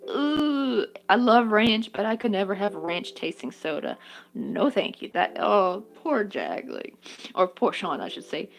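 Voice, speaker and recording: Chatty woman with a gravelly edge. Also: medium pitch, big pitch swings, measured pace. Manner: chatty, giggly, talks to her work and to chat. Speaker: crochet vlogger. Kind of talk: casual chat while crocheting.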